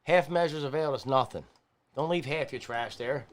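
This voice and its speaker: A man's voice: medium pitch, moderate pace. A man hosting a casual talk show, telling stories with repeated phrases. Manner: animated storyteller, repeats phrases. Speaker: podcast host. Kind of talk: casual chat.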